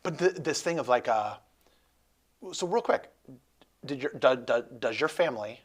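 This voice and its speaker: A man's voice: mid-range voice, animated, normal speed. A man hosting a casual interview chat, rambling and joking with lots of restarts. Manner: rambling, jokey, many restarts. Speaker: host.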